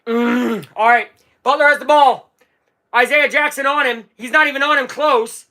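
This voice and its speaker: A live streamer calling a basketball game as an excitable fan, swinging from low muttering to shouting and swearing. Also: normal speed. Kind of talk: live fan watch-along commentary.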